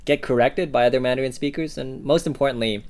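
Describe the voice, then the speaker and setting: A man co-hosting a language-learning podcast, explaining words in a relaxed way with fillers. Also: mid-range voice, quick pace. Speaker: podcast co-host. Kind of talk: casual language lesson podcast.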